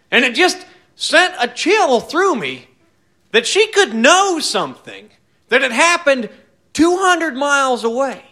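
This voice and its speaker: A man telling a tall tale in a folksy, wry, drawn-out way. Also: very high voice, sing-song, pushed and bright. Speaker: storyteller.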